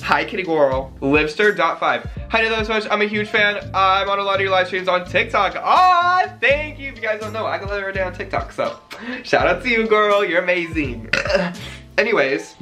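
A man's voice: high voice, pushed and bright, soft background music. A young man reading out fan messages in a gushing, dramatic casual chat. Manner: gushing, dramatic, quick gasps and sighs.

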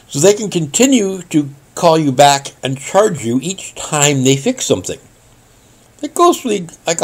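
A man's voice: mid-range voice, husky. A middle-aged man hosting a tech help show, telling a wry, indignant story and earnestly warning viewers. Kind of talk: ranting vlog monologue.

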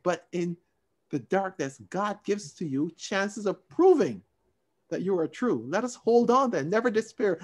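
A man teaching a Sunday school Bible lesson over a video call, expressive and emphatic, shifting between raised stress and quiet asides. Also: fairly high pitch, unhurried.

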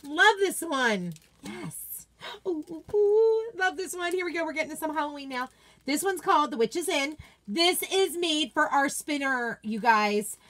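Female host, high voice, gushing and chatty, casual live craft unboxing. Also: expressive, moderate pace, bright, forceful tone. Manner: gushing, chatty, reads viewer comments aloud. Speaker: craft product consultant and host.

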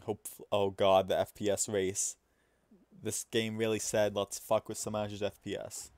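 Here a young man talks through his game on a stream in a loose, chatty way, poking fun at himself with laughter and alternating mumbles with loud outbursts. His voice leans low and level, he takes his time, and there's no echo.

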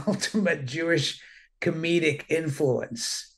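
A man, a comedian, interviewing an author on stage in a relaxed way and passing on audience questions. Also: a little high, slow. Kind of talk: onstage interview.

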